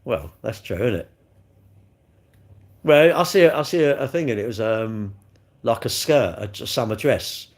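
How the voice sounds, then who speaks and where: A man's voice: medium pitch, animated, normal speed, pauses often. A man rambling and joking as he answers chat comments on a live stream. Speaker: livestreamer reading chat.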